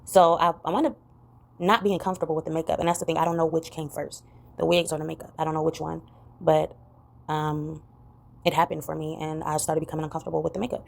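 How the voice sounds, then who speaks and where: Low gravelly-voiced woman vlogging. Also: flat delivery, fast talker, a little mellow. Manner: rambling, many "you know" fillers. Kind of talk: reflective personal vlog talk.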